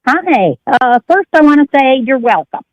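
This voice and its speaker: A woman's voice: sits high, big pitch swings, moderate pace, no room sound, dull audio. A woman calling into a radio show, chatty and confiding as she shares her views. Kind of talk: call-in commentary.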